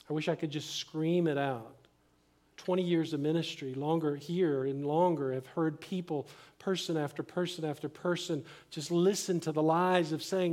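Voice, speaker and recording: A middle-aged man preaching a sermon as pastor, earnest and emphatic, often dropping to a hushed, slow delivery. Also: on the high side, steady tone.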